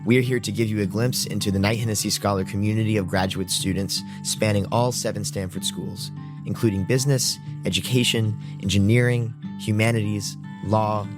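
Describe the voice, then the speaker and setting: A young man co-hosts a podcast with relaxed, joking banter. His voice sits fairly low. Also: a little fast, over music. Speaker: podcast co-host. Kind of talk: casual podcast chat.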